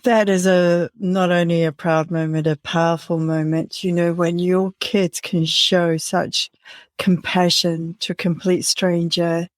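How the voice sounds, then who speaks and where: A middle-aged woman hosting a podcast interview, speaking in a measured, reflective way. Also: lowish voice, flat delivery, no echo, clean studio sound. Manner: slow, measured, warm and reflective. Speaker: podcast host. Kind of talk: conversational interview.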